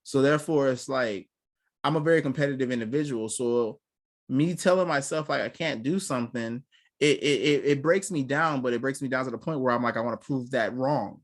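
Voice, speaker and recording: A man's voice: medium pitch, a little fast. A young man co-hosting a casual talk show, telling blunt, profane stories and acting out what others said. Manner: blunt, profane storytelling with acted-out quotes. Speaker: podcast co-host. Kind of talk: casual chat.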